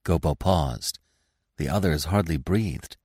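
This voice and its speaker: A man narrating a classic animal story in an expressive, deliberate reading. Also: very deep voice, slightly rough, dry recording, clean studio sound. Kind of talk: scripted audiobook narration.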